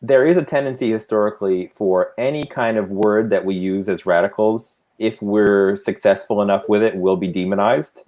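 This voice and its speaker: A man speaking as a guest on a panel, thoughtful and measured, telling anecdotes from past talks. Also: lowish voice, fairly even intonation, darkish tone. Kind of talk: casual panel discussion.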